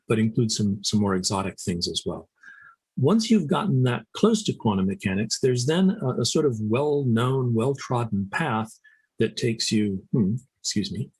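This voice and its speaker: A middle-aged man giving an academic conference talk, measured and hesitant, with many fillers and restarts. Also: mid-range voice, a little mellow, slightly rough, no echo, low-quality recording. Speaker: conference speaker. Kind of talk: academic lecture.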